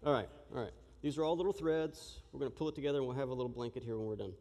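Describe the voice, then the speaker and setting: A man preaching a sermon in an animated, joking way, acting out the shouting crowd as he tells the story. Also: mid-range voice, racing. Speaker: pastor. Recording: long reverb of a large hall.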